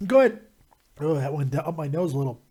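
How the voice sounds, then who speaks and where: A man hosting a live call-in stream, talking casually, joking and swearing loudly. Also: on the high side, animated, quick pace, husky. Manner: loud, profane, joking, drifts into mock singing. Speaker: livestream host.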